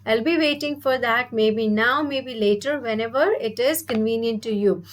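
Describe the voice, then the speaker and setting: A woman's voice: a little high, moderate pace. A young adult woman, teaching a live online speaking lesson, explaining step by step and checking in with "right?" and "okay?".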